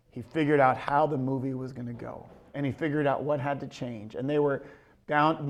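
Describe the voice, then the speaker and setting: A man's voice: medium pitch, a little mellow. A man teaching a Bible study, telling a story in a conversational way with many ums and restarts. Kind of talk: casual teaching talk.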